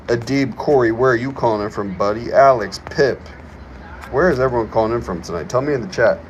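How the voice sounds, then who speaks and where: A young livestream host with a fairly low pitch reads chat aloud and pumps himself up with playful bits on a casual stream. The audio is poor with some hiss or hum, and he names his current location as he streams.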